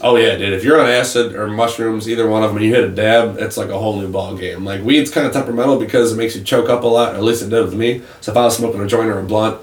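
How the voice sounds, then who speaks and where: Roomy, fast-talking young man telling stories. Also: on the low side, fairly even intonation, distant mic. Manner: rambling storyteller, heavy swearing. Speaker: podcast co-host. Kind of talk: casual chat. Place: attic room. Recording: roomy echo, off mic.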